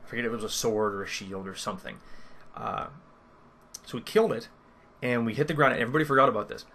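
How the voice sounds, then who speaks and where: A first-time game master recaps his campaign in a casual storytelling style, rambling about a tabletop session and cutting himself off with plenty of fillers. His voice is medium in pitch, steady, fairly bright, and quick.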